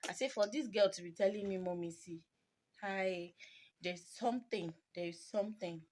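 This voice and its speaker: A woman's voice: medium pitch, moderate pace, a little mellow. Nigerian woman vlogger telling an emotional story. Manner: emotional, rambling retelling, mixing English with Pidgin. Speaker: mommy vlogger. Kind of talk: personal storytelling to camera. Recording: noisy home video recording.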